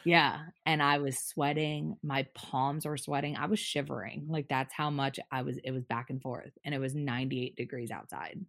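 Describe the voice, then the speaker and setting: A young adult woman telling a personal story as a podcast guest, candid and halting, with many restarts. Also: very deep voice, steady tone, gravelly, fairly bright tone, no room sound, studio quality.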